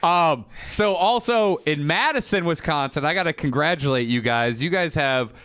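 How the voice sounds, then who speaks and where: A man co-hosting a comedy podcast, telling crude stories in a casual, deadpan way. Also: fairly high pitch, normal speed, clear, resonant tone, no echo. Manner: crude, deadpan storytelling with acted quotes. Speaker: podcast co-host.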